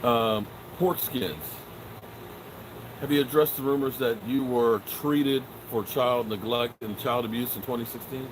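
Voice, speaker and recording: Background noise sits behind this middle-aged sports stream host, whose medium-pitched voice moves a little slowly. He jokes his way through live chat in a loose, animated manner, swearing and frequently trailing off.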